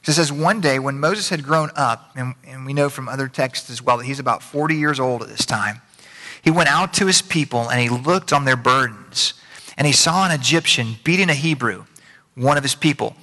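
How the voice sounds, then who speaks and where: A man with a mid-range, bright and forceful voice preaches as pastor in a large church sanctuary. His sermon is casual and conversational, folksy, with repeated phrases and a pace that speeds up and slows down for emphasis.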